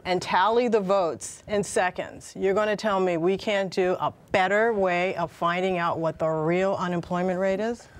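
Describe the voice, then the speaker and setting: A woman's voice: lowish voice, steady tone, moderate pace, few pauses. A woman producing a community TV talk show, chatting casually and laughing often as she walks through slides. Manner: chatty, laughs often, asks rhetorical questions. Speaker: show producer presenting a topic. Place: community access TV studio.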